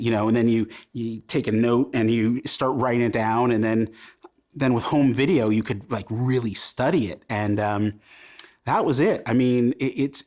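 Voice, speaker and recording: A man in his fifties from Portland, Oregon, telling stories about his life in a casual interview and acting out remembered lines of dialogue. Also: mid-range voice. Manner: animated, self-deprecating, acts out remembered dialogue. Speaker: comic book creator as guest.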